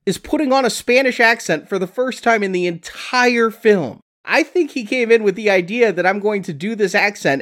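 A co-host on a casual film podcast, offering quick, joking asides and theories. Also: medium pitch.

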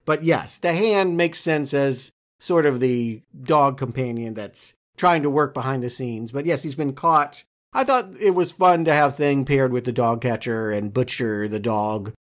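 A man in a casual film podcast chat talks at a middling pitch. He breaks down plot and gags in a measured, analytical way. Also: expressive. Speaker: podcast co-host.

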